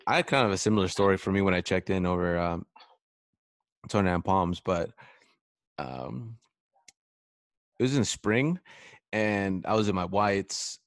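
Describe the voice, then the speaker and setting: Deep gravelly laid-back man. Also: a little slow, long pauses, no room sound, clean studio sound. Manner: laid-back, swears often, laughs while telling stories. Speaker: podcast co-host, Navy corpsman veteran. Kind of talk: casual profane storytelling chat.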